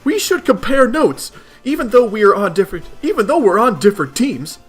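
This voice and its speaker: A man voicing a bubbly, excitable young female sea alien who keeps saying "glub" while reading a webcomic aloud. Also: sits high, a little fast, breathy edge, faint music behind, voice pushed up, full character voice. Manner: gushing, says "glub" over and over.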